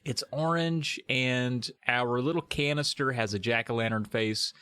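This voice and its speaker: A man's voice: mid-range voice, a little slow, sharp tone, clear, resonant tone, no room sound. A man co-hosting a podcast, chatting casually with playful, drawling asides. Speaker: podcast co-host.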